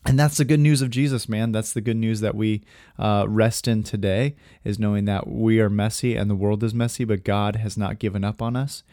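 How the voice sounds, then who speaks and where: A man's voice: fairly low pitch, fairly even intonation, fairly quick, warm tone, no room sound, studio quality. A man hosting a podcast, telling a heartfelt personal story in an earnest, casual way with many fillers. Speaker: podcast host.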